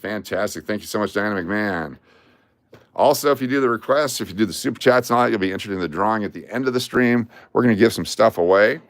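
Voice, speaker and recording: A man's voice: lowish voice, fast, dry recording, clean studio sound. A man hosting a casual livestream, chatting in a rambling way and reading out viewer names and requests. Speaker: livestream host.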